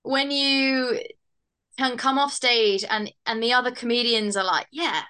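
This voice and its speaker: A woman's voice: on the high side, flat delivery, unhurried, bright, forceful tone, smooth. A woman stand-up comedian chatting as a guest in a podcast interview, self-mocking and full of fillers and laughs.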